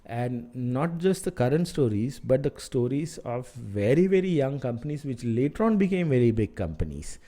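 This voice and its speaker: A man's voice: mid-range voice, sing-song, mellow. A middle-aged man with an Indian English accent gives career advice as an architect mentor, talking frankly with many fillers and restarts. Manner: rambling, halting with fillers, frank and mildly sarcastic. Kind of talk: advice talk to camera.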